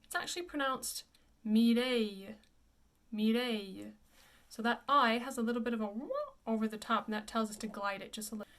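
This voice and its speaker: A fairly high-pitched woman teaching pronunciation as a voice coach. She sounds out each word with care, slowing down and saying it again so the listener can copy it. The tone is plain and instructive. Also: steady tone, bright, forceful tone. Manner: models each word slowly and repeats it. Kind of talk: pronunciation lesson.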